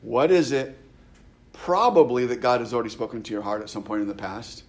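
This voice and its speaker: A male pastor with a mid-range voice delivers a sermon conversationally at a slightly quick clip. He restarts often and stammers repeats, and reads scripture aloud with building emphasis.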